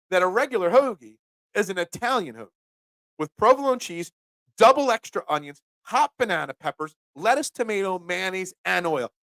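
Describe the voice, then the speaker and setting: A man's voice: high voice, dry recording. Rambling male sports talk host. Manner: rambling, animated storyteller. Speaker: sports podcast host and pizza shop owner. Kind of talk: casual sports talk show.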